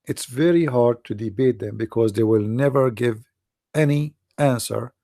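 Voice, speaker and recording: A hoarse man talks through a loose, rambling commentary full of "uh" and "you know". His voice is gravelly and dark. The recording is dry, with no room sound. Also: medium pitch, normal speed, no echo. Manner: animated, repetitive, many fillers and restarts. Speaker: debate show host. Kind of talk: casual commentary monologue.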